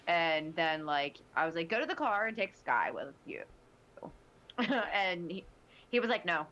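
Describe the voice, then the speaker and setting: Woman, casual chat, animated storyteller, bright tense voice, slightly dull lo-fi sound. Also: fairly low pitch. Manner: animated storytelling with many restarts.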